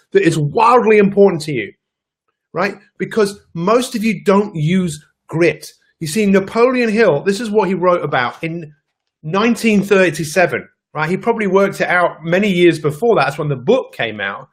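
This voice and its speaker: Emphatic motivational coach, man. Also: sits high. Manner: energetic, emphatic, addresses viewers directly. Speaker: life coach. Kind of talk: live-stream motivational talk.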